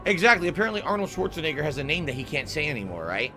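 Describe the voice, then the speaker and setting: A man's voice: fairly high pitch, very animated, rapid-fire, music in the background. Indignant male streamer explaining himself. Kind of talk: stream commentary.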